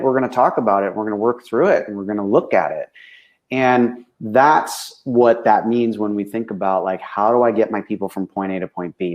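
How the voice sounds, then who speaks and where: A man's voice: fairly low pitch, a little mellow. A man, a business coach, speaking frankly and with animation in casual conversation, tagging nearly every sentence with a questioning "right?".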